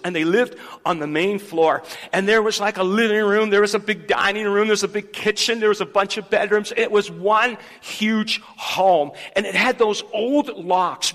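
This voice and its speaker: A man preaching a sermon as pastor in a church, rallying the congregation to repeat a verse aloud. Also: high voice. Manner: leads the congregation in loud call-and-response. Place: church sanctuary. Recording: long hall reverb.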